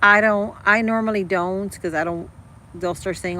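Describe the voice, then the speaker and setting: A woman's voice: lowish voice, flat delivery, moderate pace, pushed and bright, slight background noise, low-quality recording. A woman chatting casually with her livestream viewers, rambling and calling them girl and guys. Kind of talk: casual live chat.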